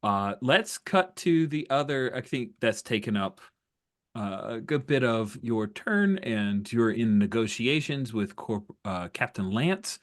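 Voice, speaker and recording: A man narrating and running a tabletop role-playing game, lively and full of asides. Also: medium pitch, measured pace. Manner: animated, slips into character voices. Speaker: game master.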